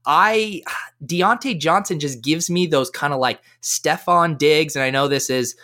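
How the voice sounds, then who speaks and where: A man giving fantasy football analysis as a guest in a casual podcast chat, talking with energy. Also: on the high side. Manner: energetic, fast-flowing analysis.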